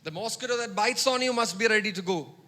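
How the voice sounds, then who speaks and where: Male pastor mid-sermon, forceful bright tone, repeats key phrases, hall echo. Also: high voice, quick pace. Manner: emphatic, repeats phrases, urges the congregation to echo words; swings between loud exhortation and quiet teaching. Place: church hall. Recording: long hall reverb.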